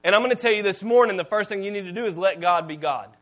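A man in his thirties, a pastor preaching a sermon in a conversational, storytelling way, swinging between loud and soft. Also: high voice, fast talker.

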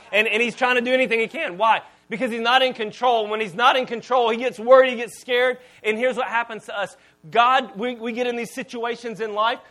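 A man in his thirties, a pastor preaching a sermon in a conversational, storytelling way, swinging between loud and soft. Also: sits high.

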